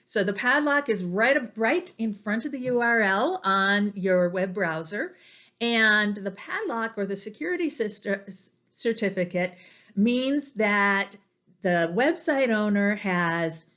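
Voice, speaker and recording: A woman's voice: mid-range voice, lively intonation, slow pace, fairly bright tone, highs cut off. A woman librarian giving a casual, explanatory class presentation, with frequent ums.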